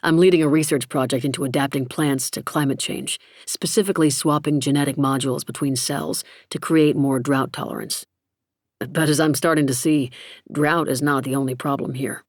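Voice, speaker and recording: A woman's voice: extremely low pitch, fairly even intonation, normal speed, no echo, clean studio sound. Woman voicing a chatty American biologist man. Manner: easygoing, talkative. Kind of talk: audiobook character reading.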